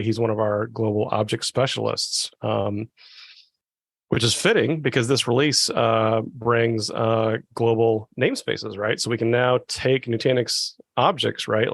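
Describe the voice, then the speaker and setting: A man talking as a podcast guest, quick and enthusiastic, correcting himself as he explains. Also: mid-range voice, vocal fry, no echo. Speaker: guest, tech specialist. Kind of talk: casual podcast chat.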